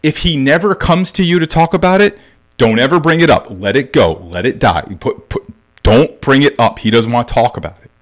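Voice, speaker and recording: A man's voice: medium pitch, a little fast. A man coaching baseball dads, giving blunt, emphatic parenting advice and repeating key points. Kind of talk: direct-to-camera parenting advice.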